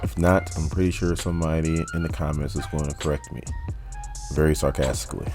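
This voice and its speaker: A man's voice: very deep voice, fairly even intonation, a little fast, darkish tone, soft background music. A man casually retelling a comic book's story, with joking asides to viewers. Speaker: comic book recap host. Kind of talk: casual comic recap narration.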